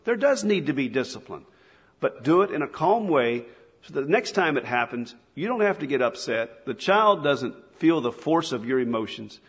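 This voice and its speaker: A middle-aged man preaching a sermon to fathers in an earnest, conversational way, often restarting his sentences. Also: medium pitch. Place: church hall. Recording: husky voice in a long-reverb hall.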